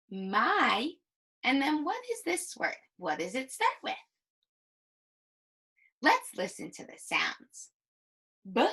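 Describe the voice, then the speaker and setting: A woman teaching early reading, slow and patient as she sounds out each word. Her voice is bright and lively, rising and falling a lot. A gravelly edge creeps in at the ends of her phrases. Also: fairly high pitch. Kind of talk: early reading lesson for young children.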